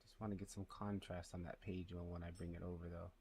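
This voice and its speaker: A deep-voiced man with a gravelly edge talks low and quietly, half to himself, as he works through a live 3D render. Faint noise and mouse clicks sit behind his voice. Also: level tone, quick pace. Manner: speaks low and quiet, muttering numbers to himself. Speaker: 3D artist streaming live. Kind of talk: thinking aloud while working.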